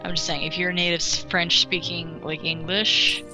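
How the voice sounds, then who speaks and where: A woman's voice: fairly low pitch, flat delivery, moderate pace, music in the background. A woman co-commentating a game stream in casual chat, rambling with lots of fillers and restarts.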